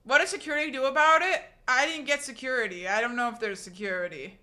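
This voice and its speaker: Bright-voiced young woman streamer, animated chat. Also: high-pitched, fast talker. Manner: animated, swearing, rambling storytelling. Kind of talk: casual live-stream chat.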